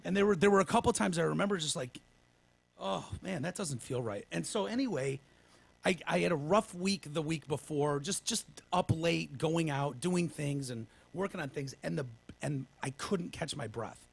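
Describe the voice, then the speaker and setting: A man's voice: fairly high pitch, normal speed, vocal fry, husky. A man hosting a casual podcast, telling long rambling stories with lots of swearing and restarts, winded as he recovers from pneumonia. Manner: rambling storyteller, swears freely, restarts often. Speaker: podcast host.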